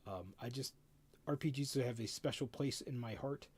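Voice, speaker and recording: Excitable stammering middle-aged man. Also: medium pitch, moderate pace, slightly rough. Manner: excitable, stammers and repeats words. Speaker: streamer reviewing a game rulebook. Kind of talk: casual live-stream commentary.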